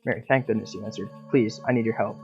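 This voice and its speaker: A man's voice: lowish voice, steady tone, fast talker, darkish tone, close to an everyday voice. A man reading the lines of a frightened, injured young woman, urgent and pleading, over a dull lo-fi recording with faint game music.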